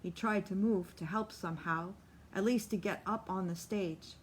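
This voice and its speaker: A woman narrating an audiobook in a steady, measured reading voice. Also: mid-range voice, slight background noise. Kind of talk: scripted narration.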